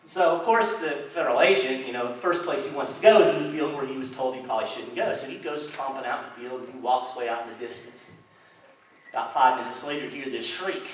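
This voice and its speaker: A man giving a public talk to a crowd in a chamber of commerce hall, in an animated storytelling manner. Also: mid-range voice, quick pace. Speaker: speaker. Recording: echoey hall, distant mic, faint noise.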